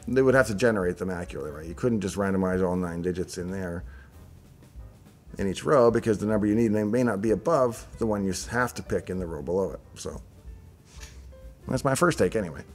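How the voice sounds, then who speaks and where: A man's voice: fairly low pitch, normal speed, pauses often, faint music behind. A middle-aged man hosting a show, casually thinking aloud as he reacts to on-screen designs with chatty asides. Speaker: show host reviewing software designs.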